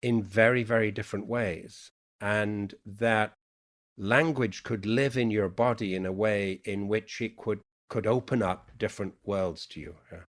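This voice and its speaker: A middle-aged man with a mixed Yorkshire, Irish and American accent, speaking in an unhurried, thoughtful way as a guest poet in a reflective conversation. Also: on the low side, steady tone. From England, Yorkshire.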